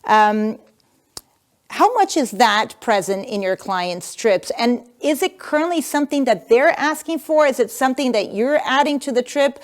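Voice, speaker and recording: A woman with a slightly high voice moderates a panel discussion. She talks conversationally, tossing questions to the panelists and tagging her points with "right?". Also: animated, moderate pace.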